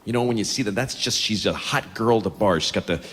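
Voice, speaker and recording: A man's voice: lowish voice, quick pace, fairly bright tone. A man performing a stand-up comedy routine, telling stories in a rambling, exasperated way. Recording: live venue with long reverb and noise.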